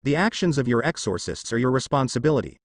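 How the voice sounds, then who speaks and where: A man reading a fanfic aloud, voicing a calm, menacing young male demon ninja who talks dryly and pleasantly. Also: medium pitch, fast, dry recording. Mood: cool. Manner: dry, pleasant, quietly threatening.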